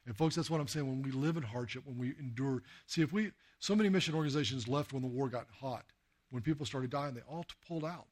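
A man's voice: medium pitch, quick pace, darkish tone. Conversational male preacher telling stories. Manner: anecdotal, conversational, with frequent fillers and acted quotes. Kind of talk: sermon with storytelling.

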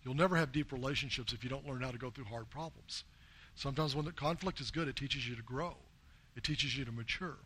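A man's voice: mid-range voice, quick pace, sharp tone, breathy edge. A man from the United States preaching a sermon as a missionary, telling earnest stories and quoting people in his own plain voice.

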